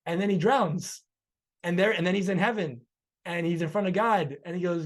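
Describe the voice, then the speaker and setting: A man hosting a podcast who retells stories in an animated, conversational way. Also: high voice, moderate pace. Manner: animated storyteller. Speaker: podcast host. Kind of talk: conversational interview storytelling.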